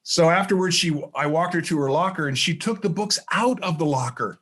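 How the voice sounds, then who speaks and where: A middle-aged man talks as a guest on a podcast, in a voice a little higher than most men's. He is a motivational speaker who tells stories with energy and acts out the lines of the people in them. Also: brisk. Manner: animated storyteller who acts out dialogue. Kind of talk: storytelling interview chat.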